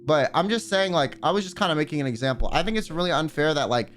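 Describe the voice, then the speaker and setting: A man's voice: on the high side, expressive, quick pace, fairly bright tone, faint music behind. A man streaming live, ranting bluntly and with plenty of profanity while he reads out viewer messages. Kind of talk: casual livestream rant.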